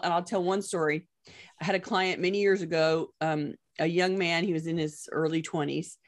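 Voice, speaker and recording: A woman podcast host and professional organizer, chatting casually, telling stories and laughing often. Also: lowish voice. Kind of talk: casual chat.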